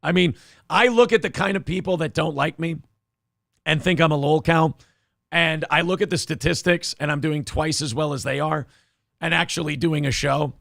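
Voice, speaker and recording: A man's voice: on the high side, normal speed, gravelly, a bit bright, no room sound. A man hosting a morning talk show, chatting casually in a sarcastic, mocking way into a studio mic. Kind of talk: casual chat.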